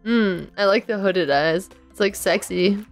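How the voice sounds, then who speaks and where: Brief: giggly woman co-host, easily sidetracked, unhurried speech. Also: mid-range voice, faint music behind. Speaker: game developer co-host. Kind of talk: casual let's-play chat.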